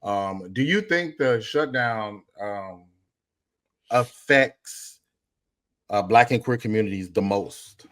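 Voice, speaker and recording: A man's voice: lowish voice, slow, fairly bright tone. A man co-hosting a podcast in casual chat, loose and rambling with many fillers. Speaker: podcast co-host.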